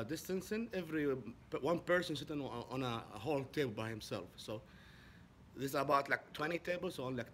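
A man from Saudi Arabia, a native Arabic speaker, telling a casual story in English; his voice jumps high when he gets excited. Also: slight background noise. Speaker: vlogger.

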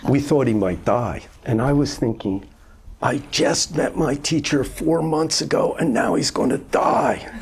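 A man in his seventies, a Zen master giving an informal, gently humorous dharma talk in a conversational storytelling manner. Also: medium pitch, measured pace, husky. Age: 70s.

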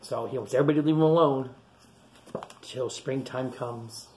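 A man reading a picture book aloud to children in an animated way, breaking into funny animal voices. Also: medium pitch, moderate pace, a little hiss or hum. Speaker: children's storytime reader.

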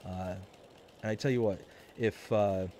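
A man's voice: on the low side, fairly even intonation, measured pace, warm tone, a little hiss or hum. A man in his thirties chatting casually on a live stream, rambling with lots of fillers and restarts.

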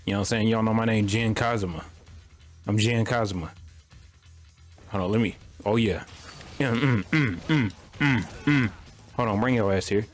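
Low-voiced young man joking through gameplay. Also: steady tone, fairly quick, long pauses, soft background music. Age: young adult. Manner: loose slangy running banter. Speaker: gaming streamer. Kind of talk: casual gameplay commentary.

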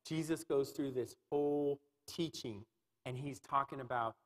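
A man's voice: medium pitch, a little slow. A man preaching a sermon in church, earnest and repetitive, leaning on "you know" between phrases. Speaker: pastor. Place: large church hall. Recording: long hall reverb.

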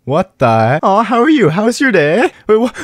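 A man putting on a mock Canadian accent, talking loud and high and tagging lines with "eh". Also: huge pitch swings, normal speed, dry recording, studio quality, heavily acted. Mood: cheery, loud. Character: cheerful loud Canadian-joking young man. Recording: background music.

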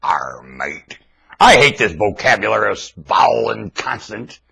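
A man with a husky voice, rambling aloud to his viewers in a webcam monologue. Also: fairly low pitch, a little fast, sharp tone, rough recording. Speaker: vlogger.

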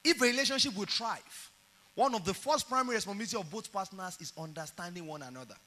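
A man's voice: sits high, quick pace, long reverb tail. A middle-aged Nigerian man preaching a sermon, telling stories animatedly and acting out the dialogue. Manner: animated storytelling, acts out dialogue.

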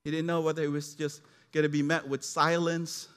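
A male pastor preaching a sermon with animated storytelling, acting out the characters as he retells the passage. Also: a little high, a little fast, clear, resonant tone, in a large hall.

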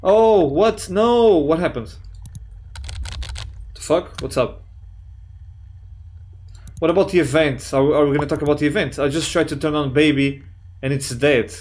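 A man giving excitable, jokey let's play commentary, swearing often and reading chat messages aloud in playful voices. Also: fairly high pitch, measured pace, long pauses, slight background noise. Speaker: gaming YouTuber.

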